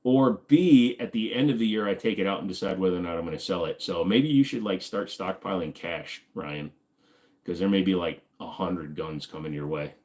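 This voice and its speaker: A man hosting a casual livestream, chatting with viewers and reading the chat, joking and sarcastic, with sudden high exclamations. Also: moderate pace, darkish tone. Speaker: livestream host.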